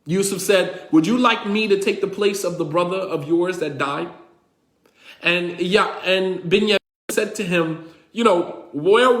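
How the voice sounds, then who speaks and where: A man's voice: high voice, a bit bright, reverberant. A man giving a religious lecture as a story, retelling dialogue, quoting Arabic and repeating lines for emphasis. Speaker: religious teacher.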